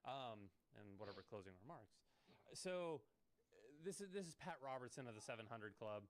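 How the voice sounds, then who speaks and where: A man's voice: medium pitch, expressive, moderate pace. A man co-hosting a casual podcast, teasing and joking crudely. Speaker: podcast co-host.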